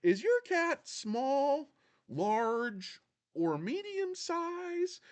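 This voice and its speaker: A man doing a squeaky, sing-song TV pitchman. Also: very animated, extremely slow, exaggerated voice. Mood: salesy. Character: overeager male TV pitchman selling cat mittens.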